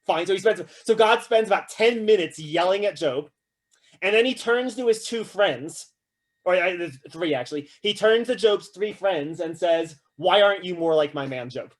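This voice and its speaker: A man giving a casual, animated philosophy lecture to a class, often checking in with "right?" and acting out quotes with humor. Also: high voice, normal speed. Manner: acts out quoted voices with humor.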